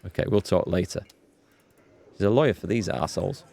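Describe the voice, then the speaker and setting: A man's voice: sits low, brisk, creaky, mellow. A man hosting a let's play, reading game text aloud with wry asides. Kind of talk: reading game dialogue and commentary.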